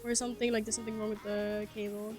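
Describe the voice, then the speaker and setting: A young woman whose native language is Swedish streams a game with a headset mic, talking quickly in a mid-range voice over soft background music. Her casual stream chatter is animated, full of laughter and uninhibited swearing.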